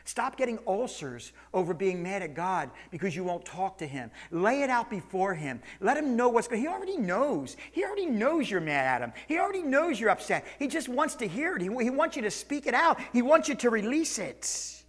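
Male pastor, high voice, preaching in church, loud calls to soft slow lines. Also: big pitch swings. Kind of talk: sermon. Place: church sanctuary, also streamed online.

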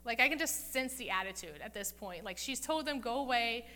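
A woman gives a casual sermon, walking through a Bible story in everyday talk. Her voice sits a little high and sounds bright. She slips into the characters' voices as she goes. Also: lively intonation, fairly quick. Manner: chatty, acts out the characters' lines with "like". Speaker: Bible teacher.

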